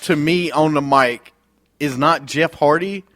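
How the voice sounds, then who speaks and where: A man's voice: a little high, measured pace. A man from North Carolina with a slight Southern twang, co-hosting a casual wrestling chat and making emphatic points. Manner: emphatic, lively, laughing protests. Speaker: podcast co-host.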